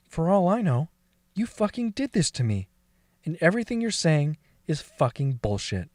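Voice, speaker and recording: A man's voice: sits high, no echo, studio quality. A man playing a foul-mouthed, bitter amnesiac. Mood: scornful. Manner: swears constantly, blunt and scornful. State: crying and laughing. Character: bitter crude brain-injured man, memory lost. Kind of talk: audio drama monologue.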